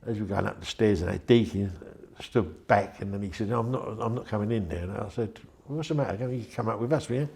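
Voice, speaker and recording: An older man tells his story in a chatty, meandering way, slipping into the voices of the people he remembers. His voice sits fairly low and carries a gravelly rasp. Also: quick pace, few pauses, darkish tone. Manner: rambling, chatty, acts out quoted voices. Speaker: interviewee. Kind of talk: anecdotal storytelling.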